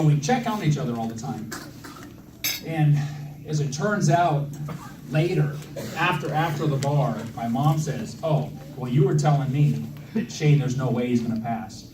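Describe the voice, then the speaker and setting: A man's voice: mid-range voice, moderate pace, background noise. Man giving a joking wedding toast. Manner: joking, self-deprecating, with many fillers and restarts. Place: wedding reception hall. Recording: echoey hall from far off, loud crowd ambience.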